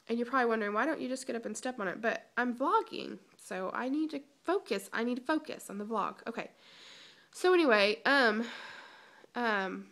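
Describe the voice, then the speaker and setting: A woman's voice: fairly high pitch, fairly bright tone. A young woman giving a chatty, emotional personal vlog update, holding back tears, with many ums and restarts. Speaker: vlogger.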